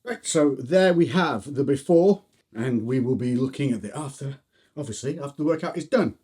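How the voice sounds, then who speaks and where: A man's voice: mid-range voice, lively intonation, moderate pace, warm tone, husky. A young man chatting casually to camera about his diet and training, playful, with silly whoops and hums. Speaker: fitness vlogger. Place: home and garage gym. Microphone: shotgun mic on camera.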